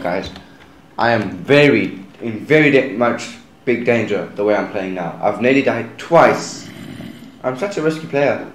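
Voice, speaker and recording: A man's voice: on the low side, reverberant, slight background noise. A young man giving casual, chatty commentary while he plays a video game, talking straight to his viewers. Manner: chatty, talks to viewers as guys. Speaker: gaming channel host.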